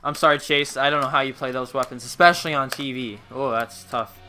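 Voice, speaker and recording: Young male game streamer, excitable, bright voice, chatty with chat. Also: medium pitch, a little fast, soft background music. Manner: excitable, reacting loudly to the game, chatty with viewers. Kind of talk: casual live-stream gameplay chat.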